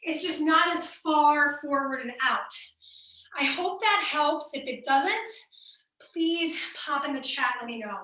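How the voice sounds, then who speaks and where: Bright, high-pitched woman coaching a workout. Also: animated, takes it slowly. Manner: upbeat, counts reps aloud and coaches form. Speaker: fitness instructor. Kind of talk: live online workout class cueing. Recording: echoey room, mic at a distance.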